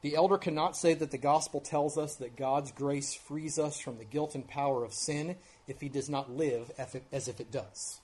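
A pastor preaching an earnest expository sermon, with emphatic rises and drops in loudness and casual asides. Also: male voice, on the high side, steady tone, normal speed. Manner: conversational asides.

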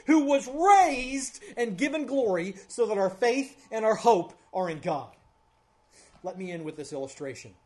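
Man preaching with rising, swelling intensity. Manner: builds to loud, high climaxes then drops to a hushed prayer. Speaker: pastor. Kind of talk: sermon. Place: church service.

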